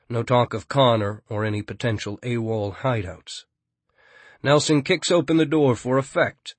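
Husky male audiobook narrator. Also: mid-range voice, no echo. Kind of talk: scripted narration.

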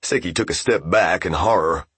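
Husky low-voiced male audiobook narrator. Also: normal speed, dry recording. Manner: steady, even storytelling.

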